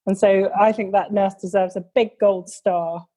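A woman interviewing a guest, asking gentle, measured questions. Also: medium pitch, fairly even intonation, husky. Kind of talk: conversational interview.

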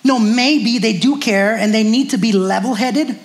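A male pastor preaching in a notably high voice. He talks in an animated, conversational way and leans on "like" as he goes. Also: normal speed. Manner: animated and conversational, heavy use of "like". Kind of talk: sermon.

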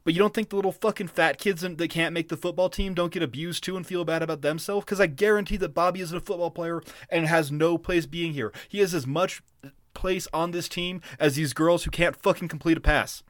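A man's voice: on the high side, steady tone, fairly quick, no echo, studio quality. A man co-hosting a casual podcast, ranting with a lot of profanity and getting worked up. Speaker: podcast co-host.

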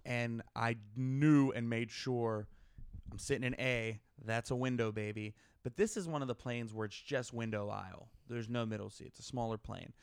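A young man with a smooth, clear mid-pitched voice tells a story in casual chat and acts out the other people in it. The sound is dry and close. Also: normal speed, dry recording. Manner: tells stories, acting out both sides. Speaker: podcast co-host.

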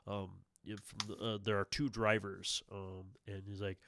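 A man's voice: on the low side, flat delivery, unhurried, a bit bright, slight background noise. A man narrating as game master of a tabletop game, rambling with lots of fillers and restarts.

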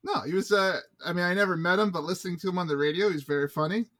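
A man's voice: high-pitched, rapid-fire, a bit bright. A man in his thirties from Canada, co-hosting a podcast, telling rambling self-deprecating stories in casual chat. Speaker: podcast co-host.

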